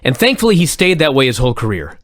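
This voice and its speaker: A man co-hosting a podcast, excitable and enthusiastic, swearing freely as he chats. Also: medium pitch, fast talker, a little hiss or hum. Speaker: podcast co-host. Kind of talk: casual podcast chat.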